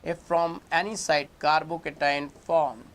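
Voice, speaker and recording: A man with an Indian English accent gives an exam-prep chemistry lecture in a slightly high voice. He talks slowly and deliberately, calls his students kids and turns the reactions into little dramas. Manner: animated, addresses students as kids, acts out molecules. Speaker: chemistry teacher.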